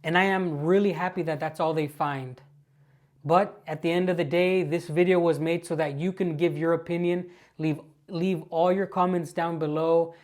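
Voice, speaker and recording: A woman's voice: on the low side, steady tone, normal speed, a little mellow. An American woman hosting her channel, talking straight to viewers in amused, mocking commentary on clips. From United States. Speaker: channel host.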